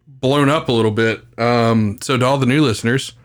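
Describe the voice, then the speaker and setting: A man's voice: medium pitch, steady tone, moderate pace. Chill guy cohosting a podcast, swears a lot, slangy banter. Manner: laid-back, swears freely, slangy. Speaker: podcast co-host. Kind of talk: casual chat.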